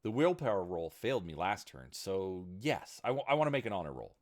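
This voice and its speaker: A man's voice: fairly low pitch, very animated, a little fast, voice pushed up. A man doing a cocky young woman gamer. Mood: eager. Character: eager young woman gamer at a tabletop game.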